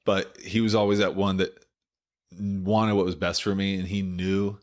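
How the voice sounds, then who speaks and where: A man in his late thirties with a notably deep, low-pitched voice, telling a long personal story in a relaxed podcast interview. He rambles through it, stacking up "like" and "you know" and restarting his sentences as he goes. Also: moderate pace. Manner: rambling, filler-heavy retelling full of "like" and "you know". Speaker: former baseball pitcher, podcast guest.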